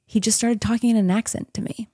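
A woman's voice: on the high side, fairly even intonation, quick pace, dark tone, husky, dry recording, clean studio sound. A woman in her thirties, a podcast guest, chatting casually and telling a story with frequent laughs. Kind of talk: casual interview chat.

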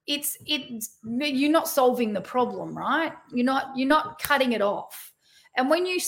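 A woman coach talking casually on a live stream, loose and conversational, often checking in with "right?" and restarting her sentences. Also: a little high. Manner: conversational, loose, frequent tag questions and restarts. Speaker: addiction and trauma recovery coach.

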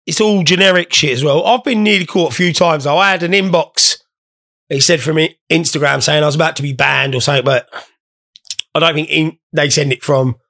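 A man's voice: fairly high pitch, brisk, sharp tone. A young man hosting a casual podcast, rambling, swearing and joking while stoned. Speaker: podcast host.

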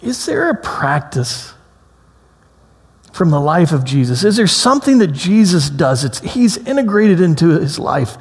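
A man preaching a sermon as a pastor, telling a story with lively acted-out quotes before slowing into reflective reading. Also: on the high side, breathy edge. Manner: storytelling, animated, acts out quotes in a raised voice. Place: church sanctuary. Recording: long hall reverb.

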